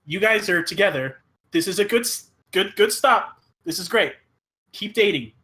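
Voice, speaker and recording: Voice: medium pitch, lively intonation, normal speed, pushed and bright. A player voicing an odd, meddling time-travelling waiter, rambling and stumbling over words. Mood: meddling cheerful. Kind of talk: improvised tabletop role-play.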